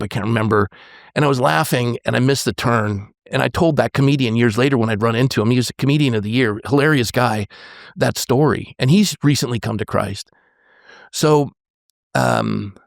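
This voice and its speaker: A man in his sixties, a pastor, telling a personal story on a podcast in an earnest, halting way, often restarting and quoting dialogue. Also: mid-range voice, gravelly, no room sound, studio quality.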